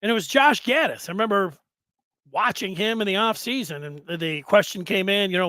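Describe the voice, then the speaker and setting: High bright-voiced man hosting a sports podcast. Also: animated, a little fast, no echo. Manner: rambling and conversational, with restarts and asides. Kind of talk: casual sports podcast commentary.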